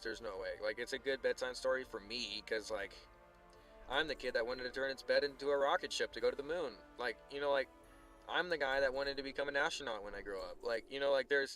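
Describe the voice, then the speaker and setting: A man talking casually on a live stream, rambling with lots of filler words and swearing, sometimes quiet and sometimes heated. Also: medium pitch. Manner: swings from subdued to heated ranting.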